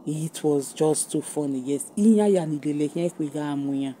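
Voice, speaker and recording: A woman speaking Nigerian Pidgin English, giving a mocking, animated gossip commentary for her online audience, laughing often. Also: deep voice, moderate pace, slight background noise.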